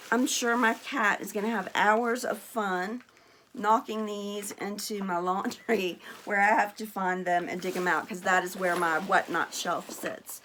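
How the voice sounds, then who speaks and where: A woman vlogger chatting casually while unboxing gifts, gushing and excitable, exclaiming and laughing often. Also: medium pitch, slight background noise. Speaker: vlogger opening mail.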